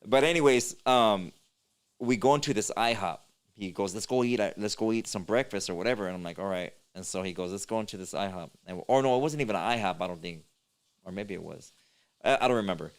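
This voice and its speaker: Low, smooth-voiced LA man. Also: fast. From East Los Angeles. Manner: rambling, many fillers and restarts, slang. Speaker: podcast host. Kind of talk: casual storytelling chat.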